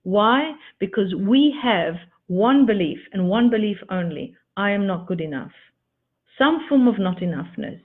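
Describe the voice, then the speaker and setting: A woman giving a motivational teaching talk as a coach, with expressive emphasis and repeated words for effect. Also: mid-range voice, unhurried. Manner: addresses listeners as darlings. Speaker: spiritual coach. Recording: tinny phone-like audio.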